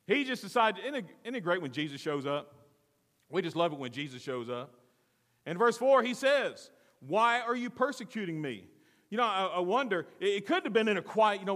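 A man preaching a sermon with dramatic swings from loud to hushed, acting out the voices in the story. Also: high voice, lively intonation, brisk, in a large hall. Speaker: pastor.

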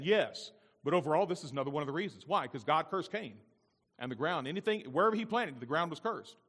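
A male pastor preaching a sermon, repeating his points and swinging between loud emphasis and quiet intensity. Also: on the high side. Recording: long reverb of a large hall.

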